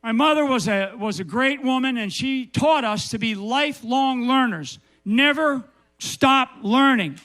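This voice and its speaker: A man's voice: very high-pitched, moderate pace, hardly any pauses, a bit bright. An older man giving an emphatic, repetitive speech to a live audience, often asking "right?". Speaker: speaker at a public event.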